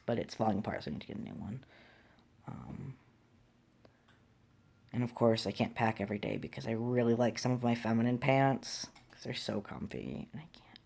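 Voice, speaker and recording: A man's voice: creaky, darkish tone. Rambling young trans man, mid-range voice. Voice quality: voice deepening on testosterone, between high and low. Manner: rambling and candid, many ums, apologetic. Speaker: vlogger. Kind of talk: casual video diary.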